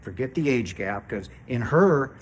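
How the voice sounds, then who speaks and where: A man's voice: medium pitch, lively intonation, measured pace, a little hiss or hum. A man in his fifties giving a casual spiritual monologue, earnest and often checking in with his listeners. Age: 50s. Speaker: spiritual channel host.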